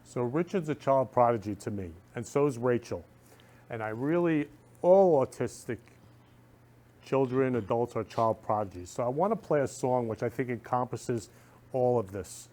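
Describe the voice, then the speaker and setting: A man's voice: medium pitch, animated, moderate pace, a little mellow. Man, talk show host, supportive, murmurs agreement often. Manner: supportive, frequent affirming murmurs. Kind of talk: interview chat.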